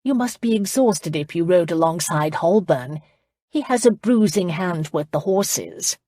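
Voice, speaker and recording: A woman narrator voicing a lively, outspoken English noblewoman who teases and speaks her mind. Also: fairly low pitch, unhurried, no echo, studio quality. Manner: teasing, outspoken.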